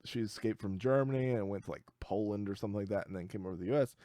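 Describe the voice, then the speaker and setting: A man's voice: lowish voice, very fast, dark tone, no echo. Rambling joking male podcast co-host. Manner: rambling, joking, acts out quoted people. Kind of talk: casual chat. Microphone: studio mic.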